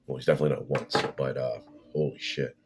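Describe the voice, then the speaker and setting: A man's voice: a bass voice, fairly even intonation, fast, a little mellow, a little hiss or hum. A man talking in a rambling, opinionated casual monologue, full of restarts and swearing.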